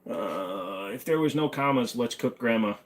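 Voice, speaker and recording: A man's voice: mid-range voice, animated, normal speed. A man hosting a casual livestream, reading chat questions aloud and answering with offhand jokes, humming and scatting to himself between answers. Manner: joking, offhand, hums and scats to himself. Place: home room with guns on the wall behind him.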